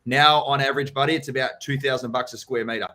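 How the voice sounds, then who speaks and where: Speaking fast with a steady, sharp tone, an Australian man runs a casual live-stream property Q&A. He has a medium-pitched voice, curses freely, and addresses people as mate and buddy in his blunt, easygoing way.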